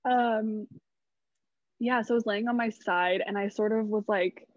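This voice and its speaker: A woman's voice: medium pitch, fairly even intonation, a little slow, no echo. A young woman telling a personal story in a casual podcast chat, full of "like" and some casual swearing. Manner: chatty, lots of "like", casual swearing. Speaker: guest telling her birth story. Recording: slightly dull, dry recording.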